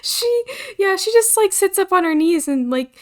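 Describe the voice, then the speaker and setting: A woman's voice: extremely high pitch, expressive, moderate pace. A woman playing a tabletop game, giggly and hesitant, describing her character's actions. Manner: giggly, hesitant, many fillers. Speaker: player. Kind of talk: casual tabletop game play.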